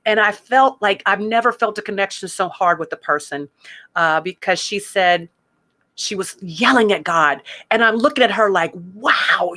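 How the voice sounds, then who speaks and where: A woman's voice: medium pitch, normal speed, pushed and bright. A woman hosting a ministry podcast, speaking candidly and emotionally about her faith in a conversational way. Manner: emotional, conversational, reads song lyrics aloud, fillers like "like". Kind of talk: candid personal faith talk.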